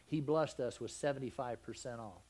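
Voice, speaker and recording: A man's voice: mid-range voice, moderate pace, a little mellow. A man with a Southern accent preaching a folksy, conversational sermon, often asking his congregation questions. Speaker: pastor.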